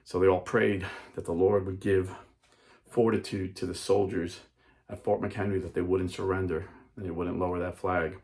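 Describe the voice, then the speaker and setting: A man's voice: low-pitched, level tone, normal speed, a little mellow. A man giving a dramatic storytelling speech, emphatic and acting out characters as he goes. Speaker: speaker.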